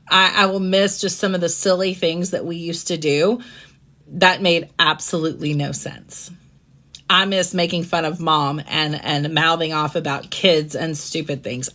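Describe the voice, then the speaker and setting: A woman hosts a live-streamed personal talk, speaking gently and reflectively in a fairly low voice. She often checks in with listeners by asking "right?".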